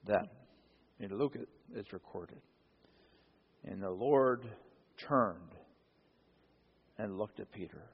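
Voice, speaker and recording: A man's voice: fairly low pitch, slow, creaky, pauses often, husky, phone-quality sound. A man preaching a sermon as a pastor, telling the story dramatically and acting out the quotes.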